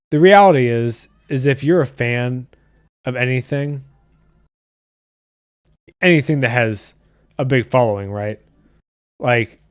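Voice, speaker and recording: A man's voice: medium pitch, clean tone, dry recording. A man with a mid-range voice talks in a loose, blunt, profane rant while hosting a casual livestream. The sound is dry and close, with almost no room around it. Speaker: podcast host reading live chat.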